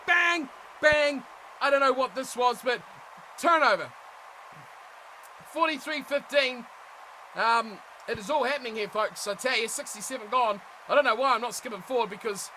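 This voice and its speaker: A young man giving animated play-by-play commentary on a rugby management game, shouting at big plays and chatting to viewers. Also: very high voice, normal speed, slight background noise, poor audio. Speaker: gaming commentator.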